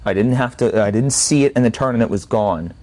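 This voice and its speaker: A man's voice: medium pitch, brisk, darkish tone, no echo. A man hosting a podcast, telling a story in a loose, casual way and swearing freely. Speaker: podcast host.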